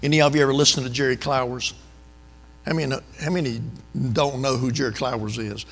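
An older man with a drawl preaches in a church, telling homespun stories and turning often to the congregation. His voice is gravelly, at an ordinary pitch for a man, and the sanctuary gives it a long ringing tail. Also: fairly even intonation, brisk, big-room sound. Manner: folksy, drawling, storytelling with asides to the congregation. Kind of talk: sermon with folksy stories.

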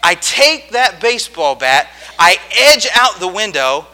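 A man delivers a sermon as a folksy personal story, his fairly high voice leaping up and down in pitch. His tone is sharp and bright, and he keeps pausing to check in with his listeners. The telling is animated and conversational. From rural farm upbringing. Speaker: preacher.

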